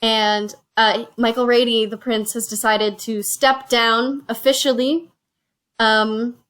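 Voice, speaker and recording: Chatty woman retelling a plot, bright and higher. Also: slow. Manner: animated storytelling, slipping into quoted voices. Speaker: reviewer and show host. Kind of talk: casual chat, retelling a movie plot. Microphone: phone used as camera.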